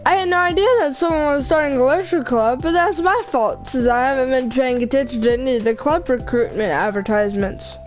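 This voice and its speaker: A woman reading a visual novel aloud, voicing a shy, bookish teenage girl who talks haltingly and apologetically. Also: high voice, faint music behind, natural voice, poor audio. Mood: nervous. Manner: halting, apologetic, stumbles over words.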